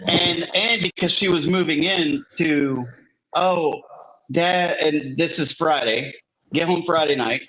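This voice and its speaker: Man, somewhat high voice, matter-of-fact, clear noise behind him. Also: measured pace, bright, forceful tone, poor audio. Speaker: parent on a radio talk panel. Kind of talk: casual chat.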